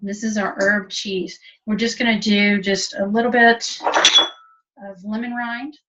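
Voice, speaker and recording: A woman's voice: mid-range voice, steady tone, measured pace, a bit bright, a little hiss or hum. Chatty woman demonstrating cooking, distant mic. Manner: chatty, practical step-by-step instruction. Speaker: cooking instructor. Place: kitchen. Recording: distant, dull webinar audio.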